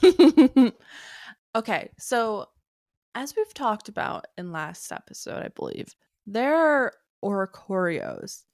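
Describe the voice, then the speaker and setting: A woman's voice: medium pitch, sing-song, unhurried, no room sound, clean studio sound. A woman co-hosting a podcast, casually asking curious questions and giggling. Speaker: podcast co-host.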